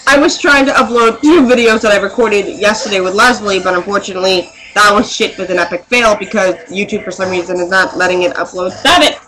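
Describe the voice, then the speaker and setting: A woman's voice: medium pitch, bright, forceful tone, rough recording. A young woman vlogging to a webcam, laughing and scolding her friends in the room. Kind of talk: casual chat to camera. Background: music playing.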